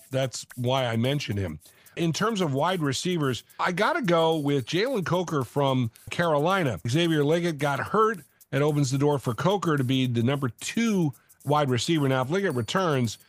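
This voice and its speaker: Brief: male co-host, high and very lively pitch, playful rants, dry close sound. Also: dry recording. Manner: animated, ranting, playful. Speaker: fantasy football podcast co-host. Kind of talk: casual sports chat.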